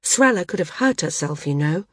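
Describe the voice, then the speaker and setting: A woman doing a steady, earnest young flyer. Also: fairly low pitch, normal speed, dry recording, clean studio sound. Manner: earnest, gently scolding.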